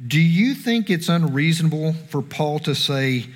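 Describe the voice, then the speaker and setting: A man's voice: on the high side, moderate pace, few pauses. A man preaching a conversational sermon, asking the congregation questions. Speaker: pastor. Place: church sanctuary. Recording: long reverb of a hall.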